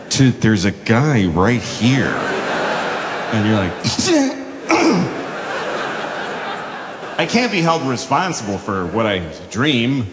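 A man doing observational stand-up comedy with a lively delivery and quick bursts of speech. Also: medium pitch. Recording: reverberant live venue with background noise.

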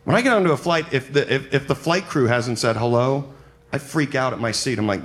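A man doing a stand-up routine in a conversational way, jumping into high squeaky outbursts. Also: fairly quick, noisy background. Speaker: stand-up comedian.

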